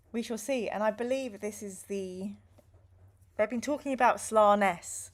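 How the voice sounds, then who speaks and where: A woman hosting a live gaming stream, chatting casually, reading viewer comments aloud and making jokey asides. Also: medium pitch.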